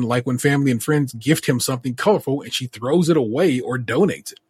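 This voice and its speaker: Husky-voiced man reading a story aloud. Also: mid-range voice, no room sound, clean studio sound. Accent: Californian. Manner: steady read-aloud delivery with wry asides. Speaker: podcast co-host. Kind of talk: reading a listener story aloud, casual chat.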